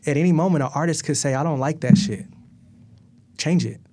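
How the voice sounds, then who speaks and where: A man in his thirties, a guest, telling a long story in a casual and animated way, laughing often, swearing, and acting out what others said. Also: on the high side, brisk. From Atlanta, US.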